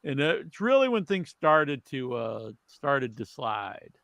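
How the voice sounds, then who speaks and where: A man's voice: mid-range voice, sing-song, measured pace, gravelly, a bit bright, no room sound. Man hosting a chatty wrestling podcast. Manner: reads trivia, then rambles with fillers. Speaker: podcast host. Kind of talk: casual wrestling chat.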